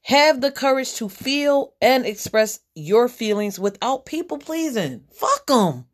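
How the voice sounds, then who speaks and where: A woman's voice: fairly high pitch, sing-song, a little slow. Blunt, profane woman giving a spiritual reading. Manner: blunt, profane and emphatic, repeats her lines. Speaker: podcast host giving a general card reading. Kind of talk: spiritual reading, preachy pep talk.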